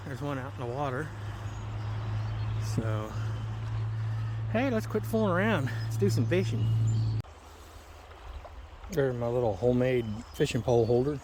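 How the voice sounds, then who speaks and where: A fishing vlogger with a mid-range voice walks along a river outdoors, holding the camera himself. He chats at a moderate pace with long pauses, folksy and jokey, over background noise.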